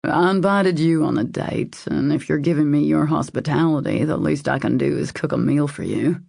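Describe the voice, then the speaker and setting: Woman doing a calm confident guy in an audiobook, smooth and teasing, kinda gravelly. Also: sits low, normal speed, no echo, studio quality, exaggerated voice. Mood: assured, teasing. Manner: smooth, assured, gently teasing. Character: confident, calm adult male boss and suitor. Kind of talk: audiobook character voice.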